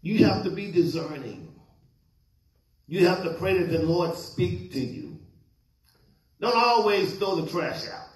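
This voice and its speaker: A man's voice: sits high, animated, unhurried, pauses often. A male pastor preaching a sermon, questioning his congregation and waiting for answers. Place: church sanctuary. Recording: echoey church hall.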